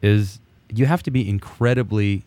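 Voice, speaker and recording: A man in his fifties, a musician guest telling stories in a relaxed way, with many fillers. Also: fairly low pitch, normal speed, no room sound. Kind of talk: casual studio interview. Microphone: studio mic.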